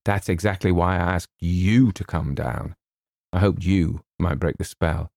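Man reading as a nervous young bachelor author, earnest, low voice, gravelly, dry. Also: steady tone, measured pace, a little mellow, no echo. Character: young anxious bachelor writer, fretful.

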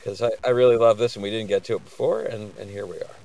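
A man's voice: lowish voice, steady tone, quick pace, gravelly, few pauses, a little mellow, poor audio. A man co-hosting a podcast in casual chat, laid-back and wry. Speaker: podcast co-host.

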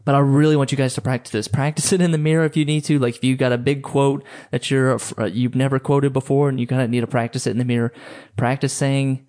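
A man's voice: mid-range voice, level tone, fast talker, darkish tone. A man hosting a podcast, coaching listeners on sales in a loose, chatty way with lots of fillers and restarts. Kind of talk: casual instructional talk.

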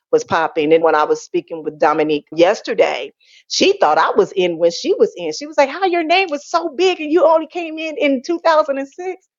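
A woman in her forties or older, a podcast guest telling her story candidly and animatedly. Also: no room sound. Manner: animated, acts out quoted family voices in a high pitch. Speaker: interview guest. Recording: dull lo-fi dry sound.

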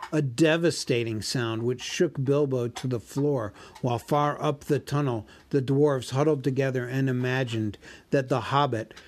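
A man reading a classic novel aloud in a measured narrating voice. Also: medium pitch. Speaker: reader.

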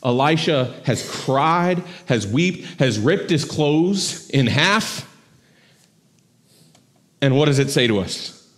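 A man's voice: medium pitch, animated, slow pace, long pauses, fairly bright tone. A man giving a church sermon in a conversational style, often checking in with "right?". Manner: conversational preaching with frequent "right?". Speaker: pastor. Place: church sanctuary.

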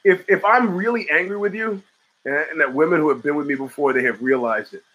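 A man's voice: fairly high pitch, fast talker, a bit bright, low-quality recording. A middle-aged man hosting a talk show, rambling and swearing as he reads chat and answers it. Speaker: podcast host. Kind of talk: casual talk show monologue.

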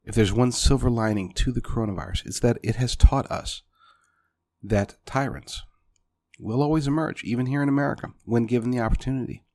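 A man's voice: mid-range voice, a little fast, mellow. Emphatic male political commentator. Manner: emphatic, punchy, addresses listeners as folks.

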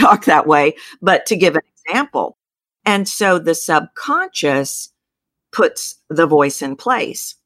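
A Texan woman with a low, deep speaking voice, telling her story with animated leaps up in pitch. The sound is dry and close, with no room around it. She talks like a seasoned voice coach giving an interview. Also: no echo. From Texas. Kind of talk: interview guest.

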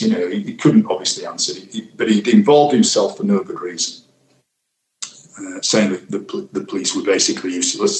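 An older man, a retired detective, recounts a past investigation in an interview, reflective and halting with fillers. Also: low voice. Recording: roomy echo.

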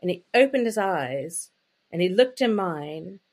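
Female interview guest, slightly low pitch, candid conversational storyteller. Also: lively intonation, a little slow, darkish tone. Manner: chatty, frank, full of "you know" and "like" fillers. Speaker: interview guest, intimacy coach.

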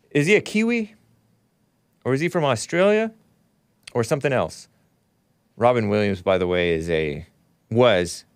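A man's voice: mid-range voice, no room sound, studio quality. A man hosting a live stream, giving sarcastic, opinionated commentary and reading viewer chat aloud. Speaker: host.

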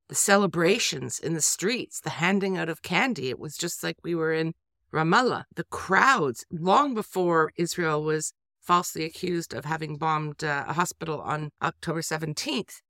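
A Canadian woman guest speaking in an indignant, forceful way, landing hard on single words as she lists her points. Her voice is bright and tense, and the recording is dry and close. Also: sits low, no room sound. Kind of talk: conversational podcast chat.

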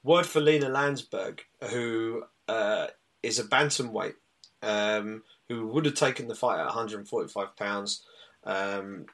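British male podcast co-host, bright and forceful tone, casual rambling recap. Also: on the low side, unhurried. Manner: chatty, rambling with many fillers. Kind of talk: casual chat, recapping results.

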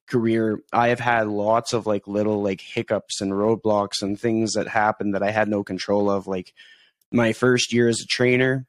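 Male podcast host, medium pitch, thoughtful conversational tone, dead-dry mic. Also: dry recording. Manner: reflective, relates guest's story to his own.

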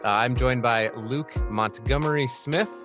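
A man's voice: mid-range voice, a little slow, over music. Joking, chatty podcast host man. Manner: jokey, chatty, rambling asides. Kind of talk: casual interview chat.

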